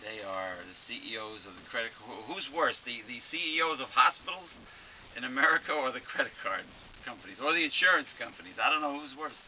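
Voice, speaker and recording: A man's voice: medium pitch, expressive, fairly quick. Male host, indignant ranter, stops and restarts, lo-fi dull recording with faint hiss. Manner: ranting, indignant, with many restarts. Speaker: show host. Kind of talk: casual talk-show chat.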